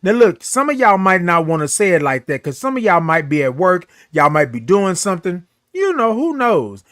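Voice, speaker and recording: A man hosting a casual morning livestream, animated and greeting viewers by name. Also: sits high, no echo, studio quality. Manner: animated, sings out drawn-out good mornings.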